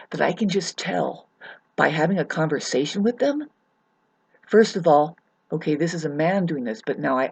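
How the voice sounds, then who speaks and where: A woman venting in a ranting monologue, profane and agitated, swinging from loud scolding to hushed asides and stumbling over her restarts. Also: fairly low pitch, lo-fi sound. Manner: stammering restarts. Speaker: vlogger.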